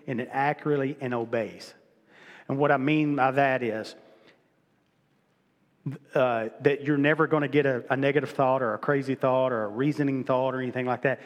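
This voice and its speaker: A middle-aged man preaching to his congregation at an ordinary pitch, talking it through rather than reading, with lots of restarts and repeated words. His voice rings out in a church sanctuary with a long reverb tail. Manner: conversational preaching with repetitions and restarts. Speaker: pastor. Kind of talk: sermon.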